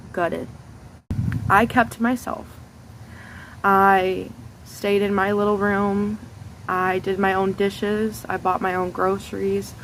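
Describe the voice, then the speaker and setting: A woman's voice: medium pitch, slight background noise, low-quality recording. A young adult woman telling a personal story as a vlogger, candid and raw, swearing bluntly.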